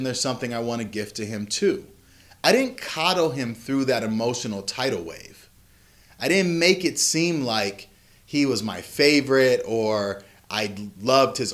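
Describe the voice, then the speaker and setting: Earnest father telling a personal story. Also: mid-range voice. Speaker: vlog host, father. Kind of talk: reflective personal story to camera.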